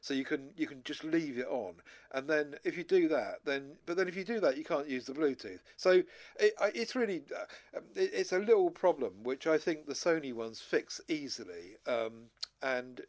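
A man's voice: fairly high pitch, expressive, normal speed. A man co-hosting a casual chat show, rambling and restarting his sentences often. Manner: rambling, many restarts and repeated words. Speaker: podcast co-host.

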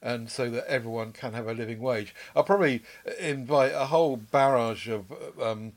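A man's voice: medium pitch, normal speed. An older man hosting a podcast, chatting in an easygoing, rambling way. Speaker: podcast host. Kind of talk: casual chat.

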